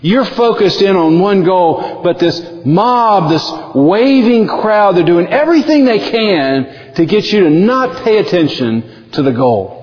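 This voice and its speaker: A male pastor preaching a sermon in an emphatic, animated way. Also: high-pitched, measured pace. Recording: dull lo-fi audio with long hall reverb.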